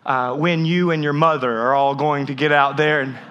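A man's voice: a little high, fairly even intonation, normal speed, fairly bright tone, smooth, muffled recording. A man in his thirties preaching a humorous sermon, telling a story with jokey asides and frequent restarts. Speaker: pastor.

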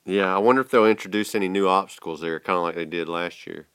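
Folksy man, low voice. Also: fast talker, clear, resonant tone, dry recording. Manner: relaxed, folksy, says y'all and man. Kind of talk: casual chat.

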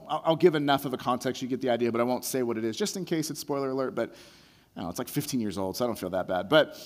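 A man preaching a sermon as a pastor, talking in a conversational way that repeats words and builds excitement as he retells a scene. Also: a little high, in a large hall.

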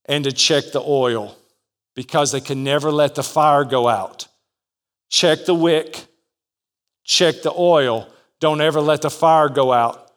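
A man preaching a sermon as pastor, dynamic, acting out the voices in his story and calling out for amens. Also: fairly high pitch.

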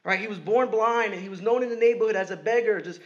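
A man's voice: high voice, fast, dull audio. A man preaching a sermon in a conversational way, often asking "right?" and restarting his sentences. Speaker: pastor.

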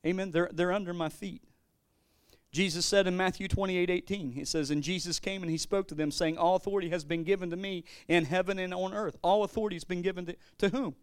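High-voiced pastor preaching animatedly. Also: male voice, quick pace, clean tone, no room sound, clean studio sound. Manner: animated, swings between loud declarations and quiet storytelling, stammering restarts. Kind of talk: sermon.

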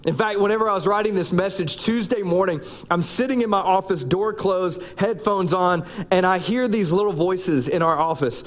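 A man, preaching a sermon in a conversational, joking way, with pauses between phrases. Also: sits high. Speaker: pastor.

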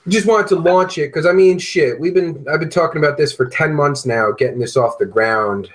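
A man's voice: a little high, moderate pace, low-quality recording. A man hosting a podcast, chatting casually and ranting bluntly with lots of swearing. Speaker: podcast host.

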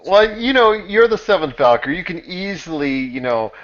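A man's voice: high-pitched, animated, moderate pace, fairly bright tone. A man hosting a casual podcast about video games, rambling with many fillers and restarts. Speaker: podcast host. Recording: dull lo-fi podcast audio.

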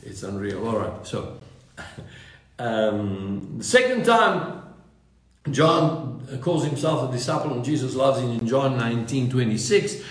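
A man's voice: medium pitch, lively intonation, takes it slowly. A man preaching a sermon in a fervent, restless way, often repeating words and restarting his phrases. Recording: very echoey room.

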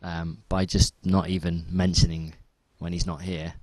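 A man's voice: low-pitched, little pitch movement, unhurried, a little mellow, no echo. A man co-hosting a casual podcast, with a dry, teasing manner. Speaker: podcast co-host. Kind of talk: casual chat.

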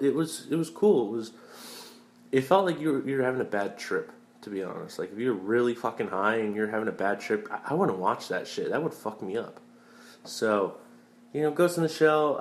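A young man in casual, rambling movie talk, swearing freely and drifting into tangents as he reviews films. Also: lowish voice. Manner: rambling, profane, wanders off on tangents.

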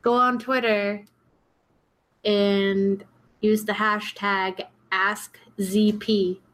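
A woman co-hosting a casual stream, speaking in a low-key, hesitant way. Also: flat delivery, drawn-out words, a bit bright, poor audio. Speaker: co-host. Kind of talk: casual chat.

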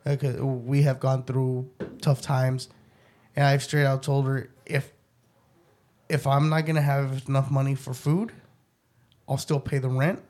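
A man's voice: medium pitch, level tone, unhurried, long pauses, a little mellow. A man in his thirties telling stories in casual chat, blunt and profane, often restarting his sentences.

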